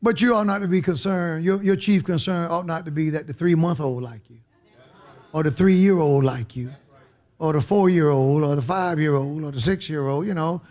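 A man preaching a sermon. He is emphatic, calls out to the congregation, and swings between shouted lines and quiet asides. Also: fairly high pitch, moderate pace.

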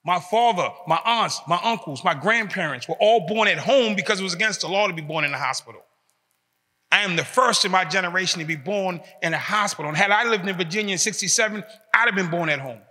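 A man in his fifties speaks in a high, bright voice. He tells his story with emphasis and leans on short, repeated phrases. His voice rings out with a long echo in a large hall. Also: fast. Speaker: speaker giving a talk to prisoners. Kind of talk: motivational talk.

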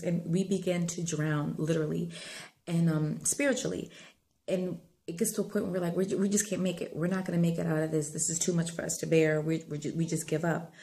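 Low, gravelly-voiced woman sharing faith. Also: dark tone. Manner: earnest, conversational, with frequent fillers; rising to fervent preaching tone. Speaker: inspirational vlogger. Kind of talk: faith-based encouragement talk.

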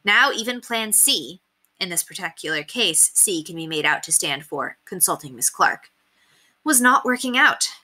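A woman teacher reading a children's chapter book aloud, expressive and playing up the character voices. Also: on the low side, normal speed. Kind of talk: children's read-aloud narration.

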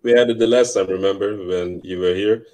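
A man with a very low voice who chats briefly and easily, then reads scripture aloud at a steady pace. His tone is relaxed and unhurried. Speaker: co-host reading scripture. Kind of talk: casual chat and reading scripture aloud.

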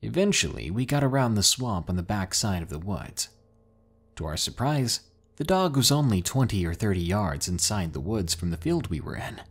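A man narrating scary stories in a dramatic, drawn-out way, pausing for suspense. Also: fairly low pitch, very animated, breathy edge. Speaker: horror story narrator. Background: faint music.

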